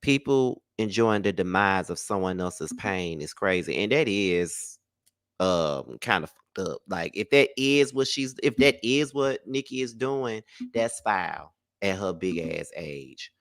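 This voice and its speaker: A man's voice: deep voice, lively intonation, a little slow, fairly bright tone, dry recording, studio quality. A man giving casual celebrity gossip commentary in a blunt, profane and sassy way.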